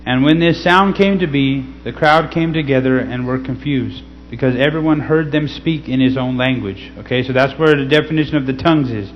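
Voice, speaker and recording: A man reading scripture slowly and teaching in a casual way, often checking in with "okay?". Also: medium pitch, faint music behind. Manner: slow, deliberate scripture reading. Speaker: pastor. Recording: slightly dull recording with faint hum.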